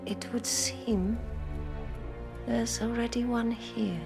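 A woman's voice: a little high, steady tone, slow pace, creaky, over music. A poised, dry-witted reptile lady. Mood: arch, composed. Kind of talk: TV drama acting. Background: film score.

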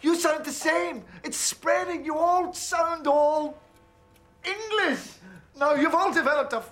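A man's voice: very high voice, slow pace, a bit bright, exaggerated voice. An older man, playing a newly changed alien doctor who rambles, fusses and complains indignantly in a TV drama. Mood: baffled, ranting. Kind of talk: TV drama acting.

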